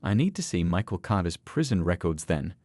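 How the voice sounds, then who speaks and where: A weary, driven woman lawyer , as a male narrator reads her lines in a story. The voice sits fairly low and moves with lively pitch, with no effort to sound like someone else. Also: brisk, dry recording. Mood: urgent. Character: determined woman public defender, tired.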